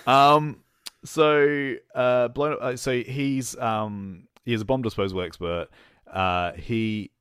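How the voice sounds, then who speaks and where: A man co-hosting a casual movie chat, telling the plot in a halting, rambling way with lots of fillers and restarts, laughing at his own jokes. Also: mid-range voice, fairly even intonation, a bit bright, smooth, dry recording. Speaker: podcast co-host reviewing movies.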